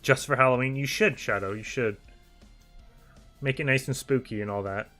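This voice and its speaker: A young man chatting casually on a game livestream, reading viewer messages aloud, talkative and animated with frequent laughter. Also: medium pitch, moderate pace, soft background music. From United Kingdom. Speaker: streamer.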